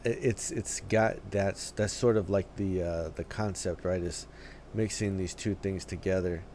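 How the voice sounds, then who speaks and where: A man hosting a reaction video, talking casually in halting phrases with many fillers and restarts, often tagging "right?" and "dude.". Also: low voice, darkish tone, a little hiss or hum.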